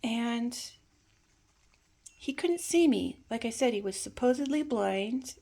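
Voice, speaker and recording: A woman telling a personal family memory in a reflective, hesitant way, sometimes dropping to a soft near-whisper. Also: on the high side, lively intonation, slow, gravelly. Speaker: storyteller.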